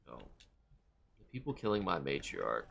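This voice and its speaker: A man streaming a game live, chatting with viewers and reacting loudly and with swearing to the action. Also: rumbling low, wildly swooping pitch, normal speed, gravelly, a little hiss or hum. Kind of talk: live gameplay commentary.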